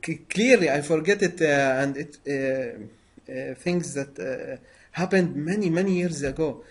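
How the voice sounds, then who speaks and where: Male interviewer, very slow and halting, lots of "uh". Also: fairly high pitch, husky. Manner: halting, many pauses and fillers. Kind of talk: conversational interview.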